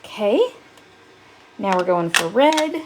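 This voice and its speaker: A chatty, upbeat woman demonstrates a craft project live. She reads out viewer messages as she works and laughs easily. Her voice sits at a middle pitch. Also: sing-song, slow, background noise. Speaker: crafting livestream host. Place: seated at a home craft desk.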